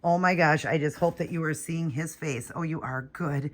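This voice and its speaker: A woman vlogging an unboxing, gushing and breathless, shaky with excitement, repeating herself as she talks to viewers. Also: sits low, moderate pace. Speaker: vlogger unboxing a reborn doll.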